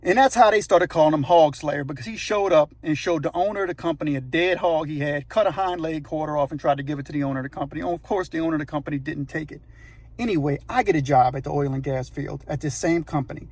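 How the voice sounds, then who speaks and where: A man's voice: on the high side, fast, darkish tone, no echo. A man, hosting his channel and telling a story emphatically, talking straight to the viewer. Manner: emphatic, addresses the viewer directly. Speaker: channel host. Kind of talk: storytelling narration.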